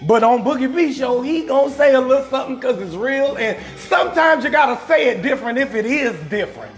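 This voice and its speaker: Southern male comedian, very high voice with a raspy edge, loud and profane, riffing to the chat. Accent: Southern American. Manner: loud, profane, animated, reads chat names. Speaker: comedian hosting a live stream. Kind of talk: casual live-stream comedy rant.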